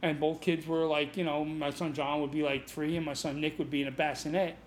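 Guest spot: middle-aged New man, chatty instructor, animated, quick to laugh. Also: on the high side, slight background noise. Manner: animated, laughs often, swears casually. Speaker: martial arts instructor, podcast guest. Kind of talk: casual storytelling.

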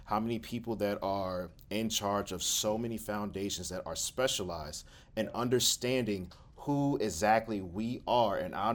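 A man co-founding a support group, sharing a heartfelt, emotional reflection with friends in a room. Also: on the low side. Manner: earnest, emotional, emphatic.

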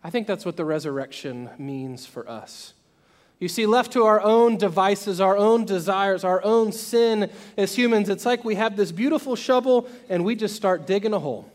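A man preaching a sermon, telling a story and acting out its voices, swinging between loud and soft. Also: high voice, normal speed. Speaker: pastor.

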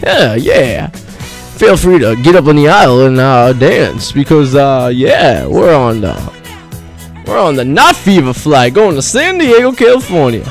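A man's voice: on the high side, wildly swooping pitch, measured pace, creaky, soft background music, exaggerated voice. A man doing a drawling disco-star pilot. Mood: breezy. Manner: drawling, loose, "yeah yeah" filler. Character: impression of a celebrity as airline captain, laid-back disco guy.

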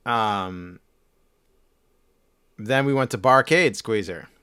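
Speaking slowly in a lowish, clear, resonant voice that sounds pushed and bright, this male podcast co-host rambles through a story with plenty of fillers and false starts. There's no room sound, just clean studio audio.

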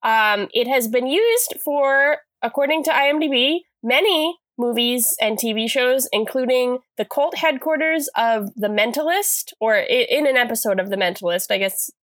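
Chatty woman with a higher voice. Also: expressive, normal speed, few pauses, fairly bright tone, no echo. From California. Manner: chatty, self-deprecating, many fillers. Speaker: podcast co-host. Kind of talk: casual chat recapping a TV episode.

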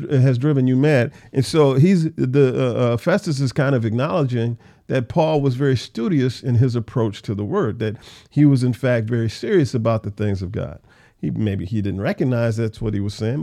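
A man's voice: mid-range voice, vocal fry, dark tone. A man teaching a casual Bible study, reading verses aloud and explaining them conversationally, with frequent restarts.

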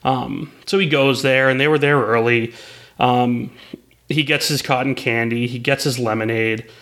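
Rambling male storyteller, mid pitch. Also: steady tone, a little slow, fairly bright tone. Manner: rambling, with frequent restarts and asides. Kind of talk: spoken storytelling.

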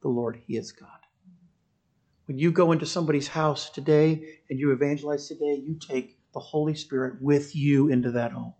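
Impassioned preacher, raised voice. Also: male voice, a little high, steady tone, a little fast, few pauses, mellow. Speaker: pastor. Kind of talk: sermon.

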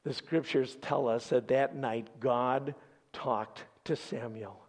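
Slow gravelly animated preacher man. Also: mid-range voice. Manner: animated storytelling preacher, dramatic pauses. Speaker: pastor. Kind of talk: sermon.

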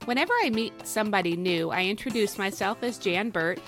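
A woman's voice: medium pitch, fairly quick, over music. Chatty middle-aged woman podcast host. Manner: chatty and playful, with emphatic repetitions and asides. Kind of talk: upbeat devotional podcast talk.

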